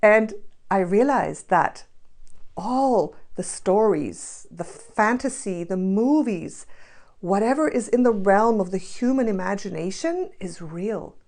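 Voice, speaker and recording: A woman who works as a spiritual reader, telling an earnest story in a storytime vlog, soft-spoken and laughing often. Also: medium pitch, expressive, slow.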